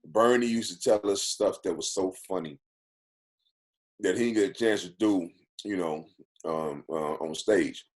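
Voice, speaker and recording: Low-voiced texas guy telling stories on a podcast, animated, repeats himself for emphasis. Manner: animated, quick to laugh, repeats phrases for emphasis. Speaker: podcast guest, actor and former football player. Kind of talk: casual storytelling.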